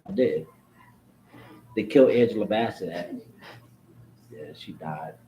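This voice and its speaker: Deep-voiced and slow, this vlogger rants casually at his viewers over soft background music, the sound lo-fi. His talk is animated, profane, and repetitive, leaping from one topic to another in an echoey room with faint background noise.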